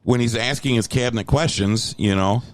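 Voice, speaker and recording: A man hosting a podcast in casual chat, telling animated, profane stories and slipping into put-on voices. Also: mid-range voice, moderate pace, dry recording. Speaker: podcast host.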